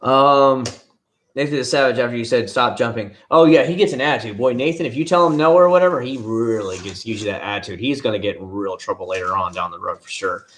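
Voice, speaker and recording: A man's voice: mid-range voice, fast, fairly bright tone. Chatty man rambling on a live stream. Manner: rambling, chatty, answering chat. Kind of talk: casual live-stream chat. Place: home living room.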